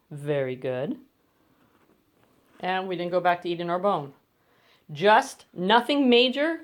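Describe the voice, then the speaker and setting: A woman dog trainer explaining crate training step by step at home, switching to coaxing praise for her dogs, recorded on a phone. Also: lowish voice. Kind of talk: instructional demonstration. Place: home bedroom, indoors. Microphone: phone camera.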